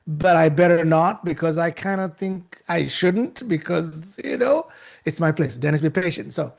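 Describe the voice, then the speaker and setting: A man giving a talk and telling a story in an animated way, acting out the people in it and repeating himself for effect. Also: on the high side, moderate pace, vocal fry. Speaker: guest speaker.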